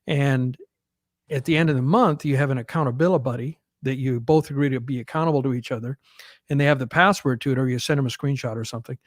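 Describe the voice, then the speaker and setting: A man's voice: medium pitch, quick pace, no room sound, clean studio sound. A man co-hosting a podcast, talking casually in long, rambling stretches with frequent restarts. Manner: rambling, restarts often, laughs easily. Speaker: podcast co-host. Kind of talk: casual chat.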